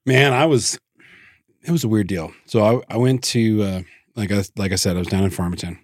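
A man with a husky, somewhat low voice rambles through a workplace story on his podcast, swearing casually and restarting his sentences. The sound is close and dry, with no room echo. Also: fairly quick. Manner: profane, rambling, with many restarts. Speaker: podcast host.

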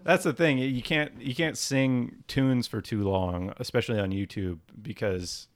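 A man's voice: medium pitch, steady tone, a little slow. A man chatting casually as a podcast co-host, laid-back and self-deprecating. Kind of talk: casual chat.

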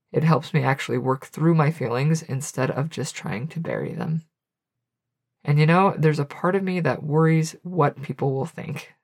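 A woman's voice: very deep voice, creaky. A woman hosting a podcast, reading book passages aloud and reflecting on them in an earnest, confessional way. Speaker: podcast host.

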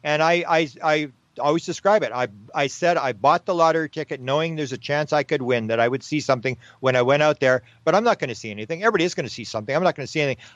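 A man guest in an interview, talking in a casual, animated way with frequent fillers and restarts. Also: a little high, rapid-fire, no echo, muffled recording. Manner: animated, repeats himself, many fillers and restarts. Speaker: podcast guest.

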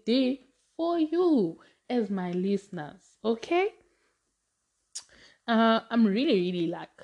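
A woman's voice: on the high side, dull audio. A young woman hosting a casual solo podcast, rambling and laughing often, with many likes and restarts. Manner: chatty, rambling, laughs often, says "like" a lot. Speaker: podcast host.

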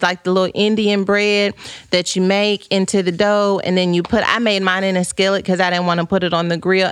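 A woman's voice: mid-range voice, fairly bright tone, no echo, studio quality. A woman podcast host chatting casually and playfully, reading out viewer comments and rambling through folksy, church-flavored asides.

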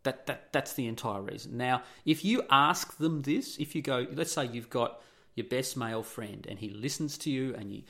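A man's voice: mid-range voice, normal speed, creaky, sharp tone. A middle-aged man hosting an opinionated monologue, blunt and profane, firing off rhetorical questions.

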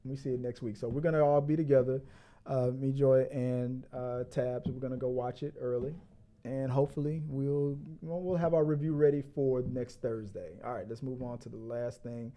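A man's voice: medium pitch, flat delivery, moderate pace, warm tone. A man hosting a casual podcast, rambling and joking as he restarts his words. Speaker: podcast host. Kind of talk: casual chat.

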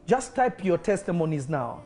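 A pastor leading a live-streamed deliverance prayer, giving commanding declarations mixed with speaking in tongues, swelling to loud fervent peaks and dropping to quick murmurs. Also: mid-range voice, very animated, soft background music.

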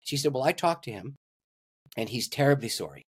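Animated older man telling a story. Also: brisk, slightly rough, dry recording. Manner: animated storyteller, acts out dialogue with big pitch swings. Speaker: pastor and guest. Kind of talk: storytelling in a podcast interview.

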